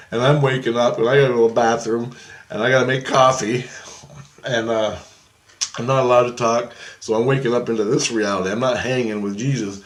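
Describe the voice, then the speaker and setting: A man telling a long dream story in a casual, rambling monologue, swearing often and tossing in "right?" asides. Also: medium pitch.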